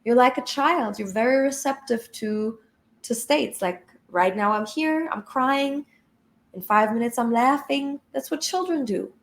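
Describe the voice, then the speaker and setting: A woman's voice: a little high, a little slow. A woman spiritual coach giving an emphatic, blunt motivational talk with casual swearing.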